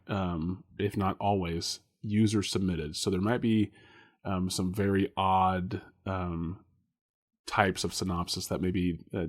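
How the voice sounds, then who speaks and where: A man co-hosting a casual podcast chat, laughing often and rambling with lots of fillers. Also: on the low side. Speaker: podcast co-host.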